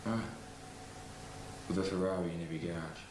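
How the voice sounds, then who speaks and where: James Bond, played by a man, low and roomy. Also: steady tone, a little fast, lightly acted. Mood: cool. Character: suave male secret agent, cool and teasing. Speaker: actor in an audition scene. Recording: roomy studio with background noise.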